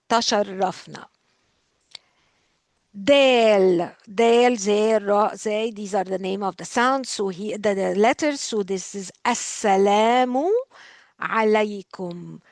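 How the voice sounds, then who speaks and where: A woman's voice: medium pitch, no room sound. A woman teaching a class in English, explaining patiently and repeating words aloud for drill. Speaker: Arabic language professor. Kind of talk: recorded lecture.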